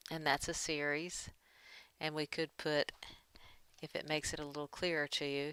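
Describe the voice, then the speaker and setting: A woman's voice: deep voice, little pitch movement, normal speed, pauses often, a bit bright, clear, resonant tone, dry recording. A woman giving a writing lesson, talking through edits as she works and reading draft passages aloud. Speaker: writing teacher. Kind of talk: screen-share editing lesson.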